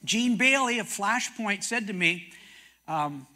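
Older Canadian man preaching to a room, high and bright voice, folksy storyteller with quoted dialogue. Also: animated, slow. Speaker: prophecy teacher and TV host. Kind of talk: sermon-style storytelling talk.

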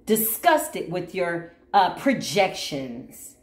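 A woman's voice: fairly low pitch, sing-song, takes it slowly. A woman giving a spiritual reading to camera in a casual, sassy, confrontational and preachy way. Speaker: spiritual reader. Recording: roomy echo.

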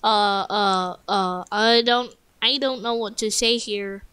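A woman hosting casual gameplay commentary at a home computer mic, excitable, shrieking and joking while she plays. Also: mid-range voice, slow pace, smooth, no room sound. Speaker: gaming channel host.

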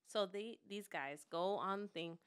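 A woman's voice: medium pitch, unhurried, clean tone. A woman co-hosting a podcast, telling a story dramatically, acting out other people's voices and laughing as she goes. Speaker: podcast co-host. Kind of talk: animated storytelling chat.

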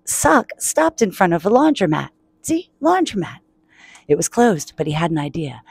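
A woman reading a children's picture book aloud in a quiet, playful voice, joking and giggling in a public laundromat. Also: on the low side, very animated, moderate pace, creaky, slightly rough, no room sound.

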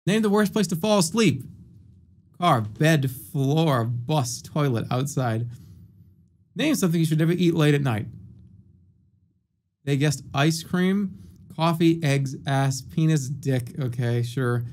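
A man's voice: a little high, animated, slow pace, pauses often, darkish tone. A man in his thirties streaming from home, reading out chat answers and joking through a quiz game. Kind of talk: casual livestream commentary.

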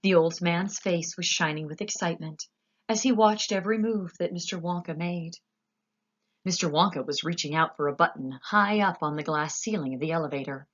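A woman narrating a children's story with an expressive, animated reading. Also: fairly low pitch, a little fast, lo-fi sound. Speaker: audiobook narrator.

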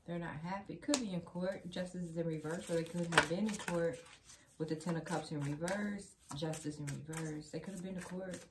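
A woman with a fairly low voice gives a casual tarot reading, chatting directly to her viewers and circling back to the same phrases again and again. The recording carries clear background noise and the sound of shuffling cards. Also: fairly even intonation, normal speed. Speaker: tarot card reader.

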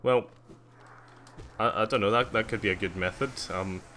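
A man giving live gameplay commentary, excitable, squealing at jumps, laughing often and chatting with viewers. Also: on the low side, normal speed, slight background noise. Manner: excitable, squeals gleefully at jumps and mocks himself; chats with viewers while playing, laughs often. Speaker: streamer playing a video game.

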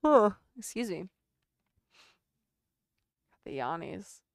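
A woman's voice: medium pitch, sing-song, extremely slow, gravelly, dry recording, clean studio sound. A woman chatting casually on a sewing livestream, laughing often and reading chat aloud.

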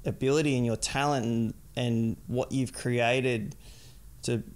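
A young adult man's mid-range voice, steady and unhurried, as he chats casually as a podcast guest. He rambles along, padding his sentences with "like" over and over.

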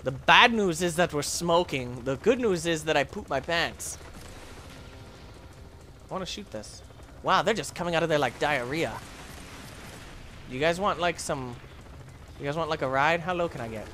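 A man hosting a let's play, commentating his own game with excitable jokes and yelps. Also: on the high side, moderate pace, long pauses, slight background noise. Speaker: gaming channel host.

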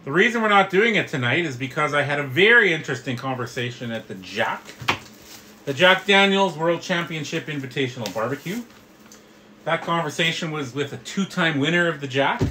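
A middle-aged man teaches a live barbecue class in a bright, clear, rather high voice. He explains each step to his viewers in a friendly, chatty way. A faint outdoor hum sits behind him. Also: lively intonation, normal speed, poor audio. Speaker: barbecue instructor and host. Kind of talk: live cooking tutorial.

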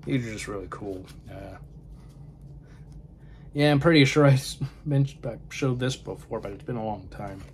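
A man's voice: lowish voice, moderate pace, pauses often, darkish tone, slight background noise. A man chatting casually about films, rambling and often trailing off to a murmur. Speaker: film vlogger. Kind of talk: casual film chat.

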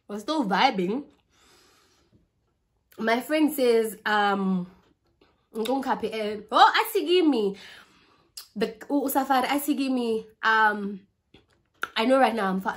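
Higher-pitched South African woman with flu. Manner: lively, chatty, switches between languages mid-sentence. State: has a flu with a cough. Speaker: vlogger. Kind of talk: storytime chat over a meal.

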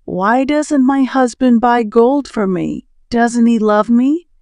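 A poor man's discontented young wife from a storybook tale, demanding and restless, as a woman reads her out. Her words come very slowly and clearly, in a dry, close sound. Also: a little high, a little mellow, no echo.

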